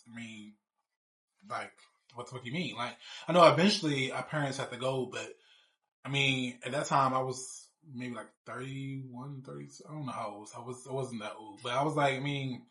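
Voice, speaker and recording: A man's voice: mid-range voice, steady tone, moderate pace, bright, forceful tone. A man in his thirties telling a personal story in a casual, blunt, rambling way with plenty of swearing. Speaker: show cast member.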